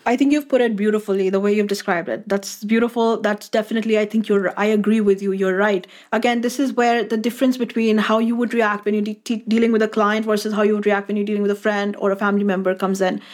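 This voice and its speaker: A woman's voice: mid-range voice, level tone, quick pace, few pauses, a little mellow. A woman who works as a coach, speaking earnestly and emphatically in a casual interview. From India. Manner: earnest, emphatic, thinks aloud. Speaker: podcast guest, coach.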